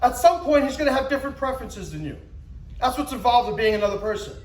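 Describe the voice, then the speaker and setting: Emphatic high-voiced man in his forties. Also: expressive, fast talker, roomy sound, low-quality recording. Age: 40s. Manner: emphatic, acts out scenes with rising pitch and shouts. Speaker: motivational speaker. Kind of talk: motivational talk to an audience.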